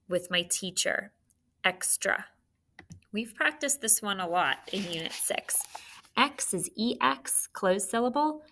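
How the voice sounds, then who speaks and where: A woman teacher giving a spelling lesson to children, patient and clear, sounding words out slowly. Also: mid-range voice, pushed and bright.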